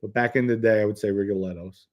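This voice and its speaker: A man's voice: lowish voice, fairly even intonation, fast talker, a little mellow. Blunt New man chatting live. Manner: blunt, matter-of-fact, reads chat comments aloud. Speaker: host answering viewer questions. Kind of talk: casual live-stream chat.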